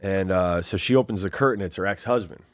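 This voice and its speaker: A man's voice: low-pitched, fast. A man in his forties, a former fighter guest telling his story in a rambling, casual way, full of fillers and acted-out quotes. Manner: rambling, filler-heavy, acts out quoted voices.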